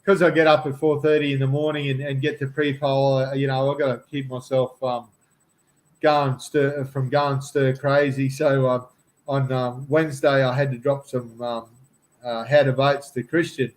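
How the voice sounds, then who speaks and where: A man's voice: mid-range voice, flat delivery, moderate pace. A man with an Australian accent, rambling through a story in casual chat over a call, saying "mate" a lot. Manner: rambling, blokey, says "mate" often. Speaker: campaign volunteer.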